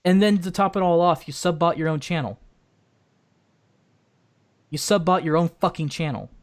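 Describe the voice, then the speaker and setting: A man hosting a stream, angrily berating someone over a voice call with profane insults. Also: a little high. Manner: angry, profane, berating ranting. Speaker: stream host. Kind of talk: heated voice-call stream argument.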